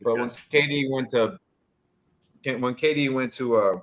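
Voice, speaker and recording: A man's voice: mid-range voice, a little slow, low-quality recording. A man co-hosting a live sports chat stream, brash and profane in his banter. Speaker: sports radio co-host. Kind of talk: casual sports chat while watching a game.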